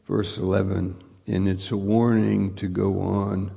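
A man's voice: low voice, little pitch movement, measured pace, gravelly, warm tone, breathy edge. A man preaching a sermon in a conversational way, repeating phrases and asking the listeners rhetorical questions. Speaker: pastor.

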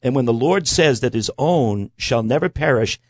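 A man in a conversational Bible teaching talk, earnest and emphatic, slowing down to stress key words. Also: medium pitch, lively intonation, dry recording, clean studio sound. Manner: earnest, emphatic preaching cadence with slow stresses.

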